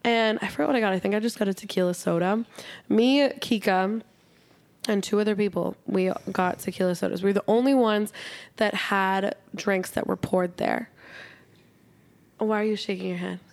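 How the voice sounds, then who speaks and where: A woman's voice: mid-range voice, fairly even intonation, moderate pace, vocal fry. A young woman co-hosting a podcast, telling a story with lots of "like" fillers and frequent swearing. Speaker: podcast co-host. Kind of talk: casual podcast chat. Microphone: studio podcast mic.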